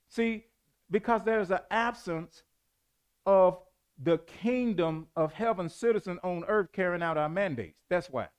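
Emphatic preaching man, fairly high voice. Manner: call-and-response preaching, rising to emphatic bursts. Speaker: pastor. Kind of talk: sermon.

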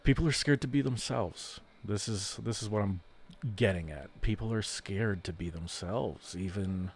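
A podcast host with a low, gravelly voice rants at a moderate pace, casual and frustrated, swearing as he wanders from point to point. He keeps questioning himself and gets louder when voicing made-up people in his solo show.

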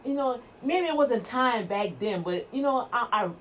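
Woman putting on a gushing insincere flatterer. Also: on the high side, moderate pace, a little hiss or hum.

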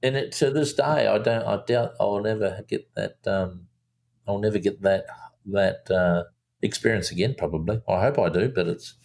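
Gravelly low-voiced man telling a story. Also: moderate pace. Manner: animated storyteller, acts out quotes, many restarts. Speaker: film director. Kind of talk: casual interview storytelling.

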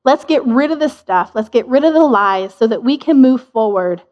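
High-voiced woman, earnest and chatty devotional speaker, slightly dull lo-fi audio. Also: lively intonation, normal speed. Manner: earnest, chatty, laughs between thoughts. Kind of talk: informal devotional talk. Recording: dull lo-fi sound.

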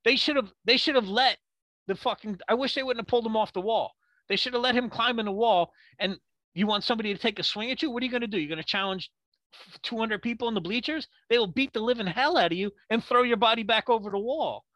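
A man co-hosting a sports podcast, ranting in a heated, profane way with rapid rhetorical questions. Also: very high-pitched, sharp tone, dry recording. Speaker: podcast co-host.

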